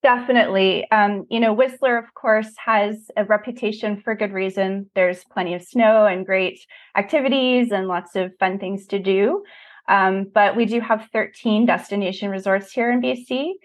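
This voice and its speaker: A woman's voice: mid-range voice, steady tone, moderate pace. A woman speaking as an enthusiastic guest in a casual interview chat, describing things in an upbeat way. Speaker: guest, ski resort expert.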